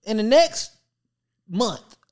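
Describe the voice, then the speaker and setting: Host who clowns through stories, mid pitch, very lively delivery. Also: slow pace. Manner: animated storyteller acting out own thoughts; joking, slangy. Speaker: podcast host. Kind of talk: casual chat.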